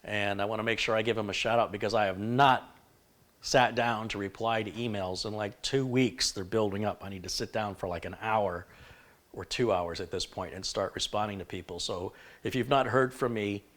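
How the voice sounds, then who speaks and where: A man's voice: lowish voice, moderate pace, fairly bright tone. A man hosting a live computer-building stream, talking frankly and shifting between stern remarks and chatty thanks. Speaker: livestream host.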